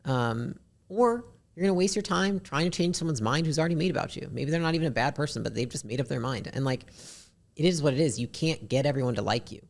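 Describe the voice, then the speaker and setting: A woman with a deep, raspy voice, a podcast guest talking bluntly and candidly, swearing casually. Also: expressive, a little mellow. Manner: blunt, swears casually, talks fast in bursts.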